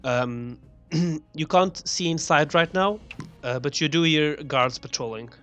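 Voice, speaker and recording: A man narrating as game master of a tabletop game over a voice call, with many pauses and fillers. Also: on the high side, fairly bright tone, soft background music. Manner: laughs often, hesitant narration with fillers.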